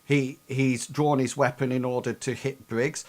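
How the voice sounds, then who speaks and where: A man running a tabletop game as game master, describing combat with many pauses and restarts. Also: mid-range voice, flat delivery. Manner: hesitant, full of ums and restarts.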